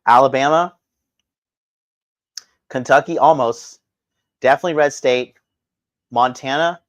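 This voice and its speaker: Reading his livestream chat indoors in Japan, a male dating coach rants bluntly and profanely. His mid-range voice moves at a measured pace with a slightly bright tone, and there's no room sound.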